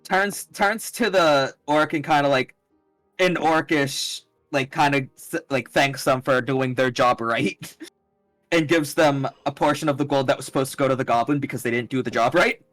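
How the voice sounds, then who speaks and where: A young man narrating as game master in a tabletop game, casual and halting, with many fillers and restarts. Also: mid-range voice, fairly bright tone, no echo, soft background music, rough recording. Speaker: dungeon master.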